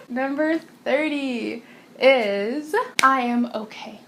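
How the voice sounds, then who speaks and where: A woman's voice: on the high side, background noise. Chatty young woman teaching phrases. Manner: chatty, giggly, repeats each phrase slowly. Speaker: language teacher vlogger. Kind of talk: casual phrase lesson. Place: warm room at home.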